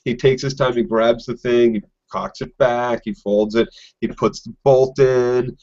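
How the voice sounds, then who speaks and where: A man co-hosting a casual podcast recap, talking animatedly and acting out scenes in quick quoted voices. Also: mid-range voice, fairly even intonation, dark tone. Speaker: podcast co-host. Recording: dull lo-fi podcast audio.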